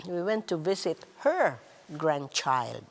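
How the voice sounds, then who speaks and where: A woman hosting a talk on relationships, speaking in a slow, deliberate teaching style. She stresses words and drops softly on key phrases. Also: sing-song, gravelly, in a large hall. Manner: measured, emphatic, drops to a soft low voice on key words. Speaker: host.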